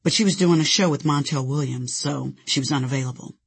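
A woman's voice: low voice, a little fast, vocal fry, breathy edge, pitched below the performer's own voice, exaggerated voice. A woman voicing a genial male film director with a German accent, teasing and conspiratorial.

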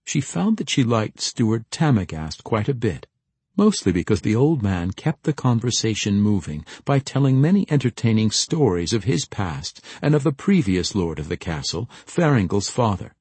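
Casting: low-voiced male narrator, lively delivery, husky, dry studio sound. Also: moderate pace, no echo. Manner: expressive storytelling. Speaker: audiobook narrator. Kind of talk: scripted fantasy narration.

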